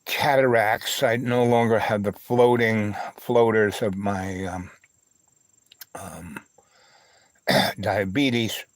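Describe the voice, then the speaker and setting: A man with a lowish voice and fairly flat intonation hosts a livestream, rambling through a long personal story. He halts often, full of fillers, restarts and "you know, right?" asides to his listeners. The recording is dry and of poor quality.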